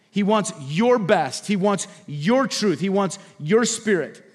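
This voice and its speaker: High-voiced preacher in a reverberant church. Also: male voice, animated, slow. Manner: preaching with swelling emphasis and sudden drops to a hush. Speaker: pastor. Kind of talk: sermon. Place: church sanctuary. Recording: long hall reverb.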